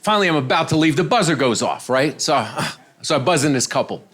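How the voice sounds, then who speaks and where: A man's voice: a little high, animated, a little fast, a bit bright. A man doing loose, self-amused stand-up storytelling on a comedy club stage into a handheld mic.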